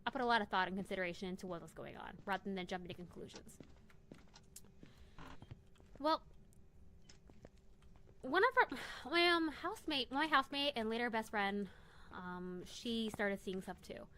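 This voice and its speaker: A woman's voice: medium pitch, normal speed, long pauses, bright, forceful tone, a little hiss or hum. A young adult woman streaming a game, telling a story in a casual, rambling way, often correcting herself and joking. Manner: rambling, self-correcting, jokey. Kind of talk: casual storytelling while gaming.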